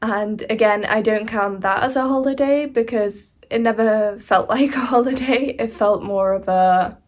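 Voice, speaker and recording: A woman's voice: on the high side, a little slow. Chatty young woman rambling through a storytime. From Hungary. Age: young adult. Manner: rambling, chatty, frequent fillers and soft laughs. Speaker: vlogger. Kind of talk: casual storytime vlog. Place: indoors at home, seated beside laptop.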